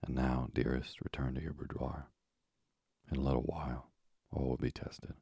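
A man in whispered role-play voicing an impetuous, devoted scientist husband in a breathy, urgent whisper. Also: very deep voice, little pitch movement, normal speed, mellow, no room sound, studio quality, exaggerated voice. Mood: hushed urgent.

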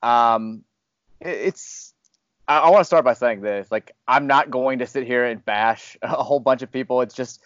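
A podcast host from the Louisville, Kentucky area, once fired as a radio host, talks candidly with a little rambling and self-deprecating humor. His mid-range, fairly bright voice runs at normal speed, recorded without echo and with the highs cut off.

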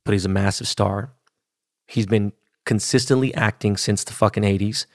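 A man's voice: lowish voice, fairly even intonation, normal speed, no room sound, studio quality. A man, hosting a podcast and telling a story in a casual, profane, slangy rant. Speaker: podcast host.

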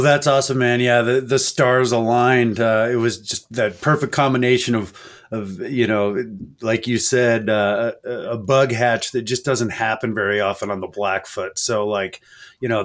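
A man hosting and guiding, talking in a laid-back, casual way. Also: mid-range voice. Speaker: host and fishing guide. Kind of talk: casual chat.

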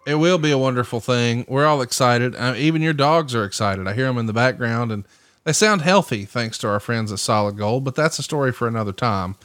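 A man's voice: medium pitch, a little fast, a bit bright, no room sound, clean studio sound. A man hosting a podcast in casual chat, upbeat and teasing as he steers the talk. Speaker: podcast host.

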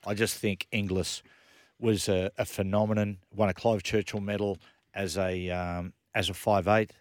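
A man with a low voice talks through player memories with his co-hosts. He tells stories loosely and jokes at his own expense. The sound is dry and close. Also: flat delivery, moderate pace, no room sound. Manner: chatty, jokey storyteller. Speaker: podcast host. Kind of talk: casual sports chat.

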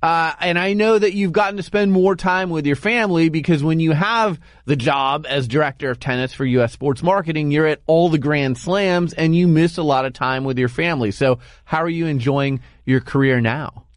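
Male host asking questions, slightly high voice, dry close sound. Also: moderate pace, few pauses, no echo. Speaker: podcast host. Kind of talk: interview questions.

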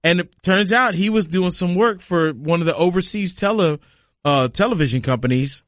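A man who caddies and co-hosts a podcast, telling a story in a studio in an animated way and laughing often. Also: high-pitched, moderate pace, no room sound. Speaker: caddy and podcast co-host. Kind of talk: casual podcast chat. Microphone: studio mic.

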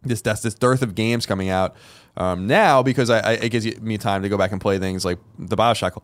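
A man co-hosting a gaming podcast talks in a casual, rambling way, often restarting his sentences. His voice is low and smooth, and the studio mic sounds close and dry. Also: brisk, no room sound. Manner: rambling, hesitant, many restarts and fillers. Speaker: podcast co-host. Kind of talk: casual chat.

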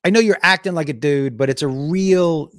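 A man's voice: fairly high pitch, normal speed, a bit bright, no echo, clean studio sound. A male comedian telling a profane, digressive story in a casual chat with viewers. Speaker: comedian and show host.

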